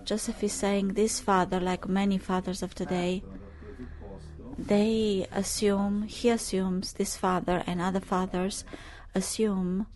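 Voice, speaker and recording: A woman preaching, recounting news in a halting, filler-heavy way, rising to forceful preaching. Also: medium pitch, level tone. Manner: halting, many fillers and restarts; grows loud and forceful when preaching. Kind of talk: sermon reading news and prophecy.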